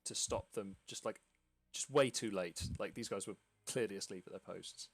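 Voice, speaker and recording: A man's voice: fairly low pitch, normal speed, dry recording. A man from the UK narrating a tabletop game as game master, in a loose, rambling way with many fillers. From United Kingdom.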